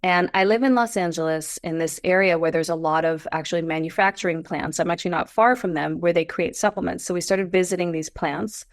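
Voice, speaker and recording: A woman in her forties, a podcast guest, telling her story in a casual interview, animated and climbing into high exclamations. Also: a little fast, few pauses, no room sound, studio quality. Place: Los Angeles.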